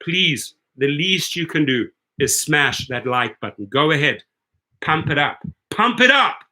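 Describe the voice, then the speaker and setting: Confrontational rant from a male video host with a high, tense voice who talks straight at the bosses, ends points with a "right?". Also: a little slow, bright, forceful tone, rough recording. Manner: confrontational, speaks straight to executives, keeps asking "right?". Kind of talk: ranting commentary vlog.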